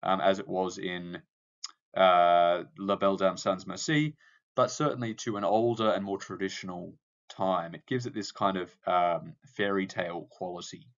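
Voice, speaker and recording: A man's voice: low voice, steady tone, moderate pace, highs cut off. A male teacher explaining a poem to his class, with frequent ums and uhs. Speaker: English teacher. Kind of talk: lecture on poetry analysis.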